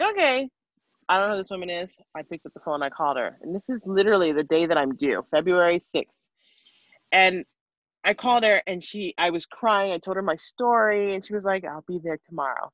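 Interview guest, woman; earnest, emotional storyteller with restarts; slightly low pitch, dull dry recording. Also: no echo. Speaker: interview guest, mother of five. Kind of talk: personal story in conversation.

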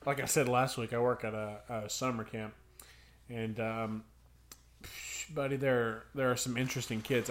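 Young male podcast co-host, casual storyteller who acts out kids' voices. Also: medium pitch. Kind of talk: casual chat.

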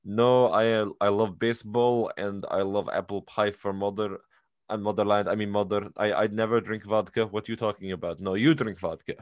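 A man's voice: fairly low pitch, steady tone, no echo, natural voice. A man voicing a bumbling male Russian spy who pretends to be American, with a put-on Russian accent and broken English. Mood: goofy. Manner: broken English, slow and goofy.

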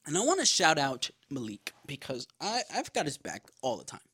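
A man hosting his own podcast, casually telling a story in a loose, profane, animated way with lots of asides. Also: a little high, moderate pace, husky. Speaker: podcast host.

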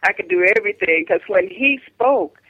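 An older woman calling in as a radio interview guest, speaking earnestly and haltingly with frequent restarts. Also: mid-range voice, animated, slightly rough, no room sound. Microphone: telephone. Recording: dull, dry phone line.

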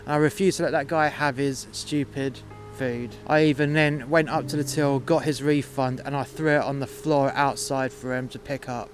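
A man's voice: medium pitch, fairly even intonation, moderate pace, soft background music. A man telling a story as a host in a profane comic rant, angrily swearing and tagging lines with "yeah?", recorded outdoors in the freezing cold.

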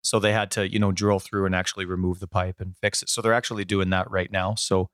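A man in his thirties co-hosting a gaming podcast, a bit hoarse, rambling casually through stories from home. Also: low-pitched, little pitch movement, quick pace, fairly bright tone, no room sound, studio quality. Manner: rambling, chatty storyteller. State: hoarse from a sore voice. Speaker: podcast co-host. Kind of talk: casual chat.

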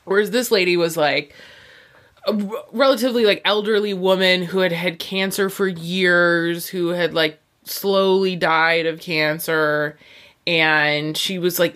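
A young woman in casual conversation tells a personal story. Her voice sits a little low for a woman, and she jumps into the voices of the people she quotes, peppering every sentence with "like". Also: measured pace. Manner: animated, acts out quoted voices, lots of "like".

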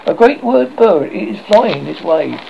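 A man reading aloud and voicing an excitable young boy who cries out breathlessly. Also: high-pitched, measured pace, vocal fry, dull audio, slight background noise, voice pushed up, full character voice. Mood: awestruck.

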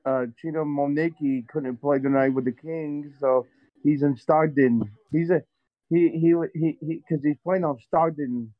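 A man calling into a sports podcast, talking in halting starts and repeating himself, his hand over the microphone. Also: on the high side, steady tone, no room sound. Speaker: call-in guest. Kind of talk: casual chat. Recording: muffled, dry call audio.

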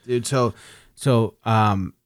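A man's voice: lowish voice, drawn-out words, clean tone, dry recording, studio quality. A young man co-hosting a casual chat show, swearing freely and laughing through his stories. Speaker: podcast co-host.

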